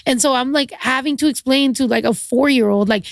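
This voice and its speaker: A woman's voice: high-pitched, brisk, creaky, no room sound, studio quality. A woman from Mexico, a podcast guest, talking casually and sympathetically with many fillers. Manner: sympathetic, warm reactions, lots of fillers. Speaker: guest, musician. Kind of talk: casual chat.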